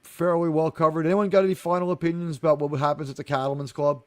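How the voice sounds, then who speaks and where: A fairly high-voiced man hosts a live chat about a TV episode, animated and quick to act out quoted lines. His voice sounds close and dry, with no room around it. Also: no echo. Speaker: host of a TV review discussion. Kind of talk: casual chat, recapping an episode.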